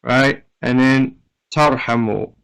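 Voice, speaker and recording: A man's voice: mid-range voice, steady tone, slow pace, creaky, fairly bright tone, smooth, rough recording. A man teaching an Arabic grammar lesson, explaining step by step and often checking with "right?".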